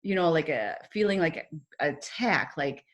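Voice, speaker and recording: A woman with a somewhat low voice, co-hosting a casual chat. She speaks bluntly and gets straight to the point. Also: animated, moderate pace, muffled recording. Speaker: podcast co-host.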